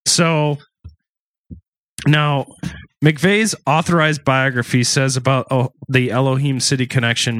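A man's voice: mid-range voice, a bit bright, no echo. A man co-hosting a casual true-crime podcast, talking loosely with asides and restarts. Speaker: podcast co-host.

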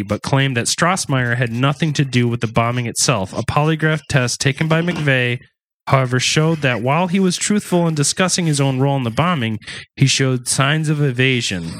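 A male podcast co-host talks through a true-crime story in a loose, chatty way, circling back with asides and restarts. His voice sits at an ordinary middle pitch. The sound is close and dry, with no room around it. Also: a bit bright, no room sound.

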